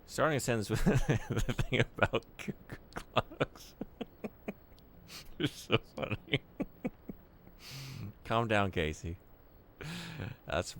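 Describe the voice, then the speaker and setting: A man's voice: fairly low pitch, expressive, takes it slowly, creaky, pauses often, a bit bright, slight background noise. A young man streaming a game, joking and teasing his viewers in casual chat.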